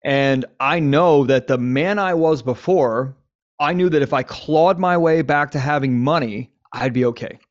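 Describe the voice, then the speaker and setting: A man's voice: mid-range voice, unhurried. A man hosting a casual conversation, talking candidly and animatedly, with some swearing. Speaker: podcast host. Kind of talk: casual conversation on men's lives. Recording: slightly dull lo-fi audio.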